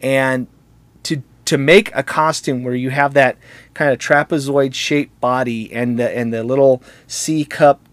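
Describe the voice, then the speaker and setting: A man's voice: mid-range voice, fairly even intonation, measured pace, no echo. A man telling stories in casual conversation, in a jokey, rambling way that often breaks into laughter at his own tales.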